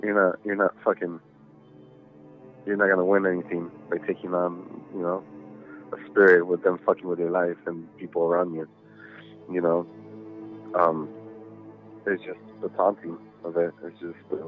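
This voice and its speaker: The man's delivery is low-pitched and flat, at normal speed with frequent pauses and faint music behind. He guests on a podcast, loosely telling a ghost story through a tinny phone-like line with plenty of swearing and fillers.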